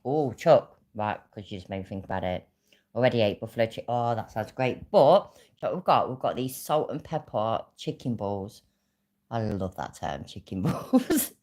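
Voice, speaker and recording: Woman, very low pitch, angry swearing rant, livestream host. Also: sing-song, normal speed, darkish tone.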